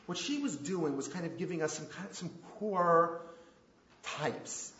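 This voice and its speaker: A man leading a relationship workshop, asking the group rhetorical questions in an animated way. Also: on the high side, unhurried, a little hiss or hum. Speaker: workshop leader. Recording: echoey room, dull lo-fi sound.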